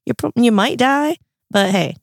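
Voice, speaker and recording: A woman from North Carolina hosting a podcast, telling a legend in a brisk, amused way during casual chat. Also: fairly high pitch, animated, vocal fry, no echo, studio quality. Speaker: podcast host, storyteller.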